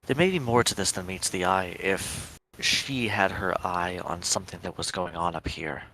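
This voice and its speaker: Brief: male player, lowish voice with a sharp bright edge, thoughtful and formal in character. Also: normal speed, slight background noise. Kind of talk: casual tabletop role-play.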